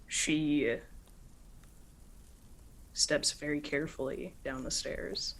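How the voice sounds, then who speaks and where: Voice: medium pitch, takes it slowly, vocal fry, a bit bright, rough recording. A game master narrating a tabletop game in casual speech full of filler words. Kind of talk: tabletop role-play narration.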